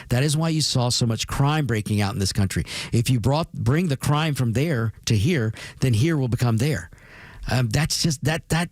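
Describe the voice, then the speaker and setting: A man's voice: mid-range voice, dry recording. A male radio host drives through an emphatic political monologue, circling back to repeat his points and calling out to his listeners. The sound is close and dry, with no room around it. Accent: Spanish-rolled R's on Latin words. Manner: emphatic, repetitive, addresses listeners as folks. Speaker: radio talk show host.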